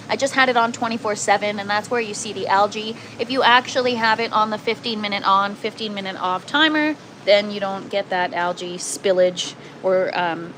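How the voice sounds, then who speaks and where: A woman's voice: medium pitch, fairly bright tone, a little hiss or hum, poor audio. A Canadian woman casually hosting a gardening livestream from an indoor grow tent, chatting and answering viewer comments. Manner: chatty, self-deprecating, reads out viewer comments.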